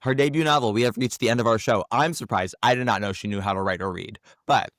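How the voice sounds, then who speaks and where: Hoarse, campy male podcast host. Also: lowish voice, fairly bright tone, no echo, studio quality. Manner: campy, teasing, quick jokes. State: hoarse from laryngitis. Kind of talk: casual chat.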